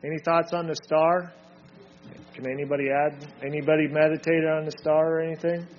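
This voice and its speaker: A man's voice: on the high side, little pitch movement, a little fast, slight background noise. A man leading a group Bible study, reading scripture aloud and drilling his listeners with short emphatic remarks. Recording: dull lo-fi recording.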